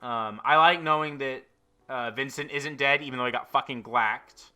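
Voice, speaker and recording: A man's voice: mid-range voice, moderate pace, pushed and bright, clear, resonant tone. A young man casually reviewing manga chapters, swearing a lot and talking with frequent fillers and an exasperated edge. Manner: profane, exasperated, lots of fillers.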